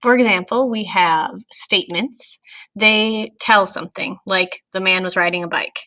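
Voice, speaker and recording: Bright-voiced woman teaching grammar. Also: medium pitch, measured pace, rough recording. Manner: clear, patient, talks to young students. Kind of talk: recorded grammar lesson for children.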